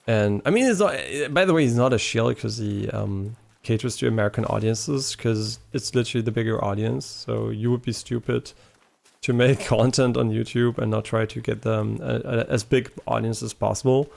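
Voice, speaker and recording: A man's voice: mid-range voice, normal speed, gravelly, darkish tone, slight background noise. A man live-streaming a game, chatting casually with his viewers in a rambling, talkative way and swearing now and then. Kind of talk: casual live-stream chat while gaming.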